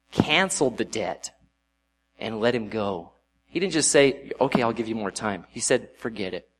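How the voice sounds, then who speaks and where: A man giving a casual sermon, reading a Bible passage and then adding conversational asides. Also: mid-range voice. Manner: conversational, reads scripture then adds off-hand asides. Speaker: preacher.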